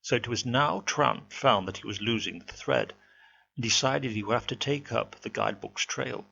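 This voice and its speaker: A man reading a ghost story aloud in a measured, expressive way. His voice is very gravelly with a bright, forceful edge. The home recording is dull and lo-fi, with a faint hum behind it. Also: mid-range voice. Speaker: narrator.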